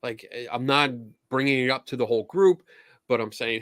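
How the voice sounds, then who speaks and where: A man's voice: medium pitch, brisk, a bit bright, no room sound, clean studio sound. A man hosting a podcast, chatting casually and telling stories, acting out quoted exchanges along the way. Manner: easygoing storyteller, acts out quoted exchanges. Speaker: podcast host. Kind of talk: casual conversational chat.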